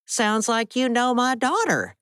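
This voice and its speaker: A woman's voice: fairly high pitch, big pitch swings, measured pace, fairly bright tone, no room sound, studio quality, pitched above the performer's own voice. A woman voicing a menacing gray-haired older man who is a pushy stranger making veiled threats, in an audiobook.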